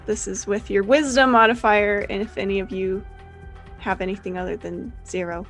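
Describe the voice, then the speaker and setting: A woman narrates a tabletop roleplaying game as its game master. Her telling is relaxed and loose, full of little fillers and pauses. Faint music plays behind her. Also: mid-range voice, low-quality recording.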